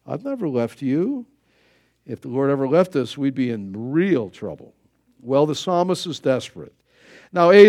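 A man's voice: a little high, a little mellow. A man preaching a sermon to a congregation, folksy and conversational, with joking asides and rhetorical questions. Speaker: pastor.

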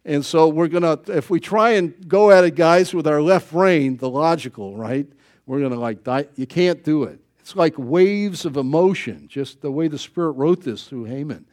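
A man's voice: fairly high pitch, normal speed, a little mellow. A man preaching a sermon to a congregation, folksy and conversational, with joking asides and rhetorical questions. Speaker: pastor.

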